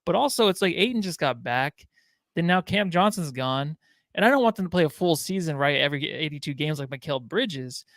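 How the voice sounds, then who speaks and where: Man, sports podcast co-host; fairly high, loose and rambling, dry close mic. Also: lively intonation, fairly quick, a bit bright, no echo. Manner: loose, rambling, sprinkled with swearing and "like". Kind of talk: casual sports chat.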